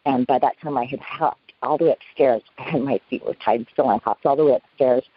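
A middle-aged woman recounting a past ordeal in an interview, halting, with many restarts and fillers. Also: a bass voice, breathy edge, no echo. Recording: dull, lo-fi sound.

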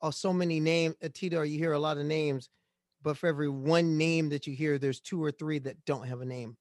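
A man's voice: fairly high pitch, steady tone, brisk, no room sound, studio quality. A man co-hosting a podcast, speaking earnestly and reflectively, often restarting his sentences. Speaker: podcast co-host. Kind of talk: casual podcast chat. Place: Connecticut, United States.

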